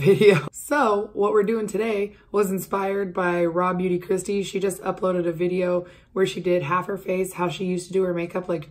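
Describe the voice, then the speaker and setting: A woman in her twenties with a hoarse, raspy voice that is still recovering, chatting candidly and casually to camera as a beauty vlogger. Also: on the low side. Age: 20s. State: hoarse, voice still coming back after losing it. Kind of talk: casual chat.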